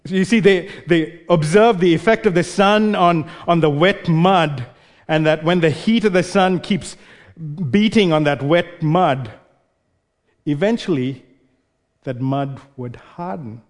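A man's voice: on the high side, measured pace, in a large hall. A male preacher giving an expository sermon, explaining and posing rhetorical questions.

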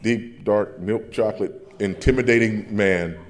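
A man putting on his wife's gentle, affectionate voice within a sermon. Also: fairly low pitch, measured pace, slight background noise, lightly acted. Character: gentle, loving adult wife.

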